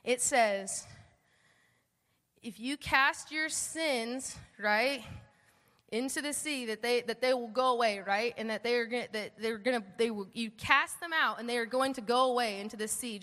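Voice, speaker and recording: A woman giving a lively personal testimony at church, acting out the dialogue as she tells it. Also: fairly high pitch, moderate pace. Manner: animated storyteller, acts out dialogue. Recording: long hall reverb.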